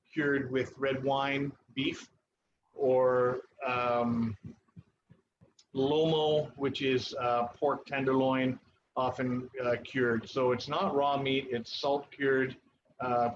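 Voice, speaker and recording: Chef, muffled noisy online stream. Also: male voice, medium pitch. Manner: relaxed, instructive, with frequent pauses. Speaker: chef and cooking instructor. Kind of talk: live cooking demonstration. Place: kitchen at a ski club.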